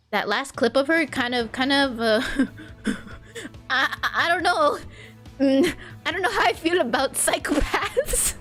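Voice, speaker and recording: A woman streamer from California talks casually over her gameplay in a rambling, filler-heavy way, often breaking into laughter at her own stories. Her voice sits on the higher side. Faint game music plays behind her. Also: fairly bright tone. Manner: rambling and chatty, full of "like" fillers. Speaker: VTuber streamer. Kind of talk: casual livestream chat while playing.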